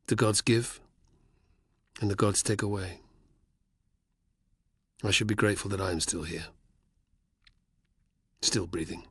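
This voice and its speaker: A man's voice: lowish voice, slightly rough, dry recording, studio quality, exaggerated voice. A man voicing a weary, philosophical older male soldier who speaks darkly and with sighs. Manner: dark, sighing, reflective.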